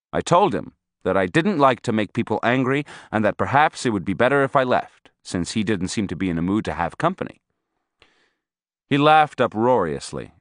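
A man's voice: mid-range voice, a bit bright, dry recording, studio quality. A man reading a first-person story aloud as an audiobook narrator, telling it expressively.

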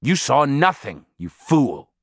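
A severe older male teacher who snaps out orders in a gruff voice, read by a male narrator. The delivery rises and falls in a lively way, and the sound is dry and close. He comes across as mocking and commanding at once. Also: medium pitch, a little slow, no room sound, close to an everyday voice. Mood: stern.

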